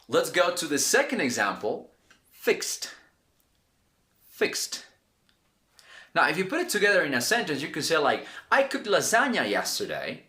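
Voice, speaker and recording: A man's voice: medium pitch, bright, forceful tone. A man teaching an English pronunciation lesson, enthusiastic and emphatic, repeating words for learners. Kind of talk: language lesson.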